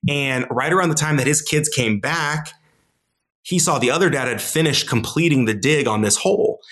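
A man's voice: fairly high pitch, moderate pace, a bit bright. A man in his thirties co-hosting a casual podcast, telling stories with playful asides. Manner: conversational storytelling, playful asides. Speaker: podcast co-host. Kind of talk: casual chat about personal finance.

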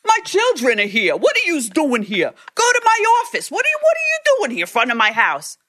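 A woman's voice: high-pitched, huge pitch swings, brisk, voice pushed up, full character voice. A woman doing an angry mob boss. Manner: loud, heavy street dialect, demanding. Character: angry male mob boss in a bathrobe, gruff.

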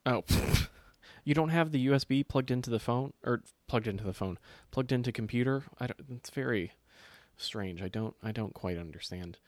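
A man's voice: fairly low pitch, no room sound. Rambling, profane podcast man. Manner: rambling, profane, jokey riffing. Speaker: podcast co-host. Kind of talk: casual chat.

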